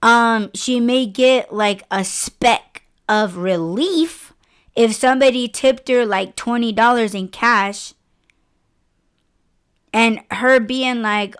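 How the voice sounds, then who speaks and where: A woman hosting a podcast, talking in a rambling, profane, animated way in casual chat. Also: a little high, slow, clear, resonant tone. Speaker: podcast host.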